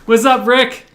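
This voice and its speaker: A man's voice: very high voice, fairly bright tone. Laid-back New man. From New Jersey, USA. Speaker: livestream host. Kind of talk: casual livestream chat, reading viewer comments.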